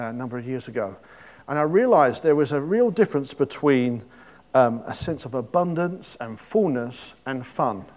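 Chatty preacher man, higher voice. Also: a little mellow. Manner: chatty, joking asides, many restarts. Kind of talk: informal sermon.

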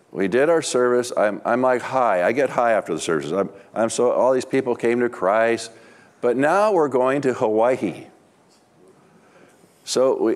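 A middle-aged man preaching, telling stories and acting out the dialogue. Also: fairly low pitch. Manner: animated storyteller, acts out dialogue. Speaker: pastor. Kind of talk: sermon with storytelling.

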